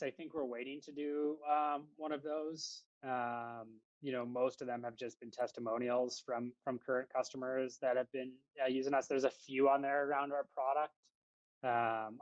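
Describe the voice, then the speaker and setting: A man's voice: mid-range voice, dry recording, highs cut off. A man from western Canada, a guest on a casual podcast interview, rambling and chatty with lots of fillers.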